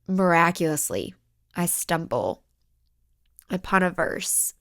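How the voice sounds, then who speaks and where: A woman hosting a solo podcast, speaking in a raw, emotional, halting way and sometimes dropping into whispers. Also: lowish voice, very animated, fairly bright tone, no room sound, studio quality. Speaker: podcast host.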